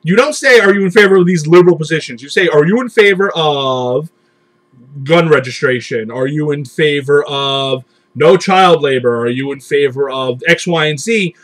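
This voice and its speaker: A man's voice: fairly high pitch, moderate pace, fairly bright tone. A man hosting a podcast, ranting heatedly in casual political talk and swearing freely. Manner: profane ranting, mocking voices. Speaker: podcast host.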